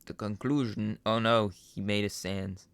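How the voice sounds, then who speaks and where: A man's voice: lowish voice, fairly even intonation, measured pace, creaky, smooth, dry recording. A young man hosting a casual reaction video, talking in a rambling, self-interrupting way. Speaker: channel host reacting to game news.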